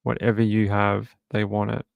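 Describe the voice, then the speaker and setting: A man with a low, gravelly voice hosts a true crime livestream from home. He chats casually and reads viewer comments aloud, and the sound is close and dry. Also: monotone, normal speed, no room sound, phone-quality sound.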